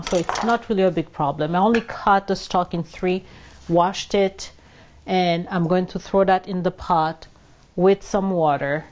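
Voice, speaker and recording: A woman talks slowly and chattily as she cooks, walking through every step and dropping French words along the way. Her kitchen sounds a little muffled, with faint sizzling and clatter behind her. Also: fairly low pitch, a little mellow, slight background noise. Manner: chatty, narrates each step, drops into French. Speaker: cooking show host. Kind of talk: casual cooking demonstration. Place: home kitchen.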